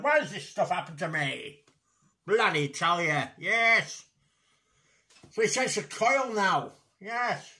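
A man's voice: high-pitched, sharp tone, exaggerated voice. A man putting on a grumpy older man who rants and repeats himself in a comic one-sided phone complaint about a garage. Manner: exasperated ranting, repeats himself and swears mildly.

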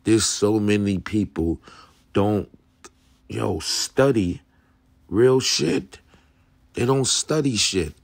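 Young man, very deep voice, slow and blunt, heavy slang and cursing, dry close sound. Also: gravelly, dry recording. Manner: blunt, profane, street slang. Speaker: dog channel host. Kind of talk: casual commentary reacting to a video.

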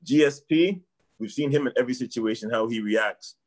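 A man's voice: mid-range voice, fairly quick. A middle-aged man from Canada, a martial arts trainer chatting casually as a guest, rambling and repeating himself. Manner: rambling, repeats himself, trails off with "I don't know". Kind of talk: casual sports chat.

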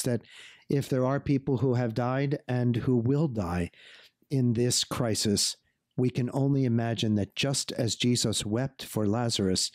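A man's voice: mid-range voice, a little mellow, dry recording, studio quality. A man who is a bishop, giving an earnest pastoral reflection on a gospel reading and calling his listeners "folks".

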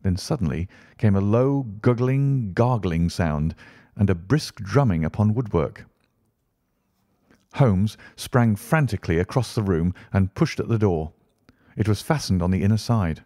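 Low, mellow male audiobook narrator. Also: dry recording, clean studio sound. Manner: measured, steady reading. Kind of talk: scripted narration.

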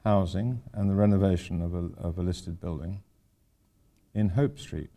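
A man's voice: deep voice, moderate pace, mellow. An older man, an architect giving an informal lecture, rambling through anecdotes with wry asides.

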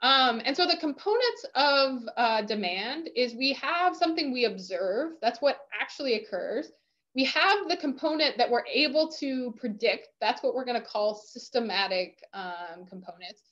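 A woman lecturer explaining course material in a recorded university lecture, filling pauses with "um" and checking in with "right?". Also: a little high, lively intonation, fairly bright tone. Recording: dull lo-fi lecture audio.

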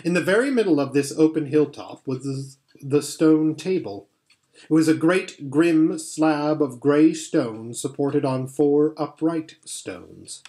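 Man reading a storybook aloud. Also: a little high. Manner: measured, steady reading with occasional slips. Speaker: audiobook reader. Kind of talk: storybook narration.

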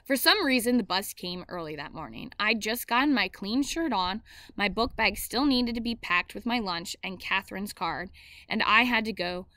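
Bright-voiced woman reading a novel aloud. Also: mid-range voice, moderate pace, dry recording. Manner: steady first-person narration with small slips and self-corrections.

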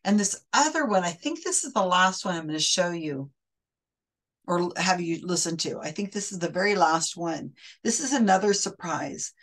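A woman's voice: lowish voice, animated, moderate pace. A woman host explaining an investigation in a chatty, wry way, often restarting her sentences. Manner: chatty, wry, self-correcting. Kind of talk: casual explanatory monologue.

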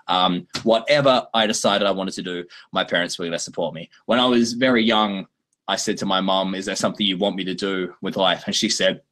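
A man hosting a livestream and answering viewer questions in a chatty, animated way, often laughing. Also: lowish voice. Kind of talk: casual chat.

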